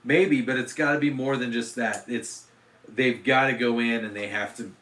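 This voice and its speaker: A man's voice: mid-range voice, fairly even intonation, moderate pace, a bit bright, distant mic. A man hosting a casual livestream, rambling and self-deprecating, with lots of fillers and restarts. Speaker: livestream host. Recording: roomy echo.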